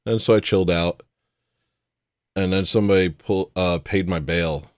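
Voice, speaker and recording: A man's voice: deep voice, fairly even intonation, moderate pace, clear, resonant tone, no room sound, clean studio sound. A man hosting a livestream show, telling a personal story in a casual, rambling way with frequent restarts.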